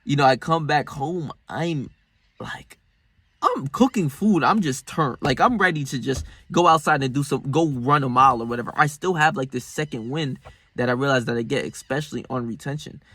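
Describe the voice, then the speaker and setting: A young man, talking casually and rambling about his daily routine, swearing freely, with sudden bursts of loud excitement. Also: medium pitch, normal speed, dry recording. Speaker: self-improvement vlogger. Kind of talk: casual motivational monologue.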